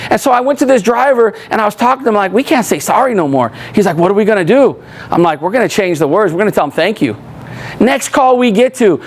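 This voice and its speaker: A man giving a workshop talk to roadside service staff, telling stories and acting out what people said, often asking "right?". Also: sits high. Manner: animated, acts out quoted voices, asks "right?" often. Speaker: workshop trainer. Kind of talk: storytelling training talk.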